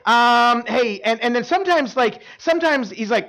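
A man preaching a sermon and bringing volunteers up for a demonstration, animated, repeating words and restarting lines, with quick asides to the crowd. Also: very high-pitched, vocal fry, low-quality recording.

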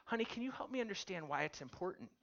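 A patient husband speaking gently to his wife, played by a preacher in his everyday voice. His tone is reassuring and calm. The recording is dull and lo-fi. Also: high-pitched, fast talker, vocal fry, voice pushed up, full character voice. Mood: gentle. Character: patient caring husband, adult man.

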